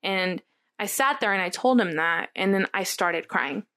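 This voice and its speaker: A woman's voice: medium pitch, moderate pace, bright, forceful tone. A young woman casually recounting a personal story on a podcast, filling her speech with "like" and acting out what people said. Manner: storytelling with many "like" fillers, acting out quoted lines. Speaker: guest telling a personal story.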